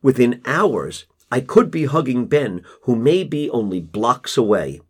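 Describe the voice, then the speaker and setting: A male narrator reading a first-person memoir, measured and restrained. His delivery is slow and unhurried, and his voice is slightly husky. The pitch moves with lively variation. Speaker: audiobook narrator.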